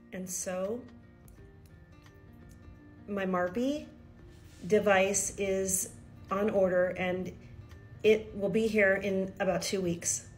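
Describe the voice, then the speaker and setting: Emotional, confiding woman vlogger from Kentucky, middle-aged, mid-pitched, faint music bed. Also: a little mellow. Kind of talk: personal video diary.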